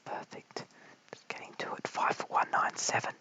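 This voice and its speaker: An Australian man giving whispered cricket commentary late at night at home, mic held very close, hushed and apologetic as he chats with viewers. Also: moderate pace, poor audio. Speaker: live stream cricket commentator. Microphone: held very close to the mouth.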